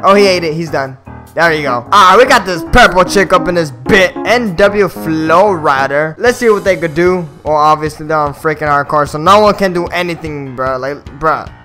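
A man giving live, slangy gameplay commentary, excitable and prone to loud outbursts. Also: on the high side, moderate pace, faint music behind. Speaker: gaming video host.

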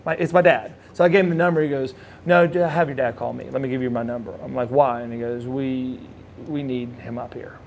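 A man's voice: mid-range voice, quick pace, gravelly, slight background noise. A man in his forties, a former wrestler, telling stories in a casual interview and acting out the voices of people he quotes. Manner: animated storyteller acting out quotes. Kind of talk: storytelling shoot interview.

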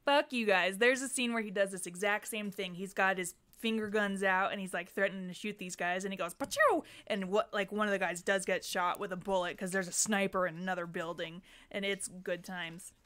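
A woman's voice: medium pitch, steady tone, a little fast, hardly any pauses, fairly bright tone. Blunt joking woman co-host. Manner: blunt, jokey interjections. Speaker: podcast co-host. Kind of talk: casual chat.

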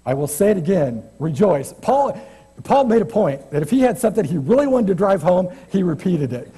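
A man's voice: high voice, big pitch swings, a little fast, warm tone, slightly rough. A man preaching an informal, chatty church sermon as a guest preacher, self-deprecating and often restarting his sentences. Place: church sanctuary.

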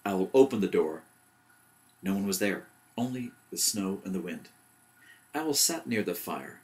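A man reading a bedtime story aloud in a gentle, even storyteller manner. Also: sits low, a little slow.

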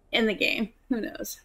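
A woman who is a gaming youtuber gives casual, chatty commentary while playing a life-simulation game, full of fillers and giggles. She speaks slowly over crowd noise in a rough recording.

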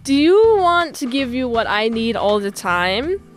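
A woman's voice: a little high, sing-song, unhurried, soft background music. A woman voicing a greedy, impatient, arrogant man with whiny, panicky exclamations.

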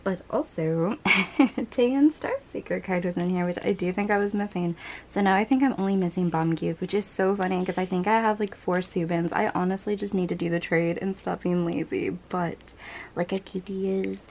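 A woman's voice: fairly low pitch, steady tone, normal speed, darkish tone, low-quality recording. A young woman vlogging casually as she unboxes and sorts her collectibles, gushing and giggling often.

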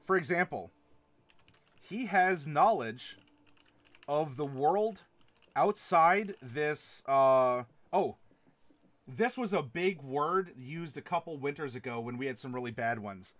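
Chatty game master with a higher voice. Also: male voice, expressive, takes it slowly, fairly bright tone. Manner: chatty, laughs often, many fillers and restarts. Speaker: game master and streamer teaching villain creation. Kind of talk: casual instructional talk to a live chat.

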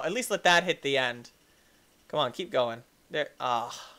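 A man hosting a let's-play, giving jokey, excitable commentary and yelling at the game. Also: medium pitch, a little slow. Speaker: gaming channel host.

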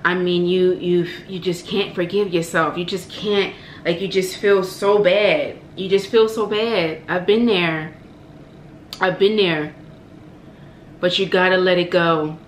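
In an unhurried, fairly low, steady voice, a woman who does mukbang videos gives her audience heartfelt direct-to-camera encouragement. She preaches with passion, repeats lines for emphasis, and uses baby and honey, all in a reverberant, rough recording with slight background noise.

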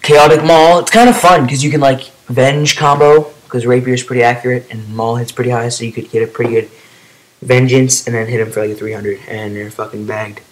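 Young male gamer, casual commentary, mid-pitched, rambling with excited yelps. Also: fairly quick, poor audio. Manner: rambling, excitable outbursts, then trailing off quietly. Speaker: gameplay commentator.

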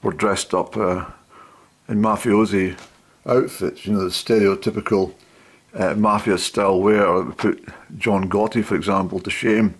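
A middle-aged man telling old stories to a camera, rambling with lots of pauses and fillers. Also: lowish voice, fairly even intonation, husky. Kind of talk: casual storytelling to camera.

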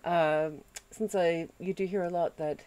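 Slow, calm woman streaming a game. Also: on the low side. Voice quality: calm, soothing voice. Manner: drifts between chatting to viewers and fussing at her dog. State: groggy after a headache. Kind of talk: casual live-stream gameplay chat.

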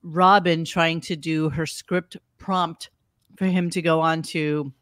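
A podcast host chatting casually, rambling and halting with fillers and restarts. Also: medium pitch, level tone, a bit bright, dry recording, clean studio sound. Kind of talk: casual chat.

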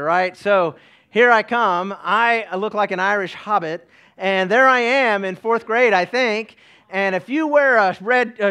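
A man's voice: sits high, pushed and bright, clear, resonant tone. A middle-aged man from East Tennessee, preaching a sermon in a folksy way with joking asides to the congregation. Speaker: pastor.

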